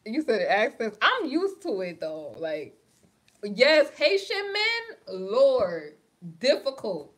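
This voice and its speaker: Her voice sits on the high side, slightly bright, swinging hugely in pitch as she speaks slowly. She's a young New Yorker with a local accent, hosting a laid-back livestream where she reads comments, laughs frequently and uses slang.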